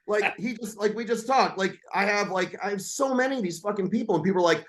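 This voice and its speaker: A man's voice: high voice, fast talker, hardly any pauses, a bit bright. A man coaching others, talking in a brash, swearing, salesman manner in casual podcast chat.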